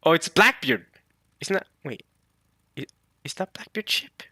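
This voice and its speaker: A young man hosting a manga reaction video, excitable and slangy, laughing often. He talks into a close mic. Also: fairly high pitch, a little slow, dry recording. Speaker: reaction channel host.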